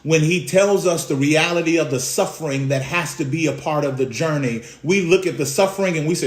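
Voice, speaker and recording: A man preaching a sermon as a pastor, swinging between loud bursts and hushed asides. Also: on the high side, a little fast, hardly any pauses, roomy sound.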